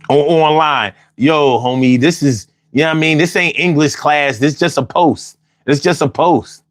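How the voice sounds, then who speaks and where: A man hosting a call-in show in casual chat, loud, profane and teasing, repeating himself often. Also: on the high side, dry recording.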